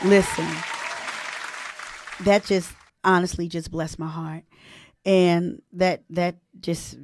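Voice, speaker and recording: A woman's voice: mid-range voice, measured pace, fairly bright tone, no echo, studio quality, a faint crowd. A woman, hosting a casual live-stream chat, chatty and emotional as she talks to her viewers. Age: 40s. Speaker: host.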